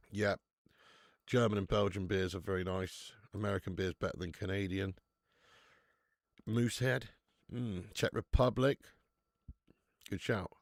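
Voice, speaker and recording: A man's voice: on the low side, measured pace, creaky, pauses often, no room sound, studio quality. A man with a British English accent hosting a live football watch-along, bantering, swearing and reading out viewer chat. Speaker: host.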